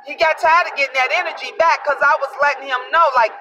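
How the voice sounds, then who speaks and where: Blunt, profane woman with a high voice. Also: fast, hardly any pauses. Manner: blunt, profane, emphatic, addresses viewers directly. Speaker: vlogger. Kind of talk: casual storytelling to camera. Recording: distant mic with loud vehicle noise.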